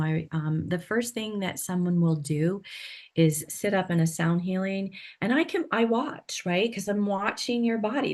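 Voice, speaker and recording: A woman sound healer, a guest on a podcast, calmly explaining her work and often checking in with "right?". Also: lowish voice. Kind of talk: interview conversation.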